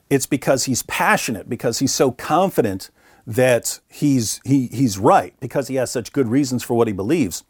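Animated middle-aged man telling a story. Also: medium pitch, breathy edge, dry recording, clean studio sound. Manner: animated, acts out quoted voices. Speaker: interview guest. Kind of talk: conversational storytelling.

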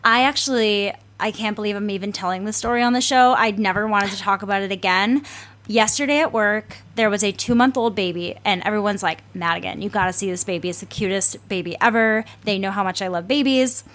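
A young woman hosting a casual podcast, telling stories at a middle pitch. She talks in rambling bursts full of "like" and visible emotion. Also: a little fast, a bit bright. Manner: chatty, filler-heavy, emotional storytelling. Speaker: podcast host. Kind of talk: casual chat.

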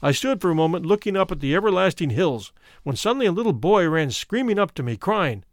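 A man narrating a first-person memoir as an audiobook in a measured, solemn manner. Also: high-pitched, lively intonation, no room sound.

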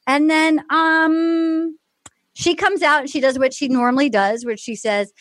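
A woman's voice: sits high, fairly even intonation, a little slow, a bit bright, no room sound. A woman hosting a podcast, recapping in a chatty, mocking way. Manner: chatty, mocking, acts out quotes. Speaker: podcast host. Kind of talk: casual recap chat.

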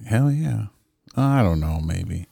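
Man, low voice, casual podcast banter, swears and laughs, dry close sound. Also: lively intonation, slow, gravelly, mellow, breathy edge, no echo. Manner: loose, swearing, laughs a lot, reads news stories aloud. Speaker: podcast co-host. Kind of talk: casual chat.

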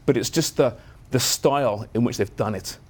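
A man's voice: mid-range voice, moderate pace, a little mellow, husky. A man speaking as a soccer analyst on a studio sports panel, earnest and enthusiastic, often restarting his phrases.

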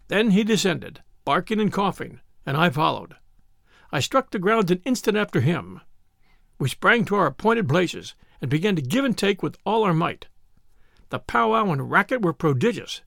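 A man narrating a classic novel as an audiobook, with an expressive, dramatic reading. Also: high-pitched, gravelly, no room sound, clean studio sound. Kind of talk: scripted storybook narration.

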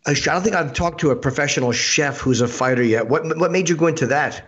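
Male host, slightly higher voice, quick blunt casual questions, light swearing, dull lo-fi audio. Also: fairly bright tone, slight background noise. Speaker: interview host.

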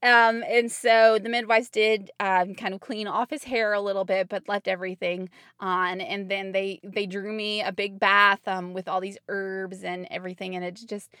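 A young woman telling the story of her home birth in a casual, heartfelt way, with lots of fillers and soft laughs. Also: medium pitch, flat delivery, moderate pace, hardly any pauses, clear, resonant tone, dry recording, clean studio sound. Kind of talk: personal storytelling podcast.

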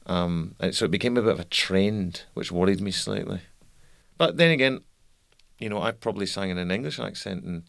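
Gravelly fast-talking man. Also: low-pitched, no room sound. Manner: candid, restarts mid-sentence, swears. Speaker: musician interviewee. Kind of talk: reflective interview talk.

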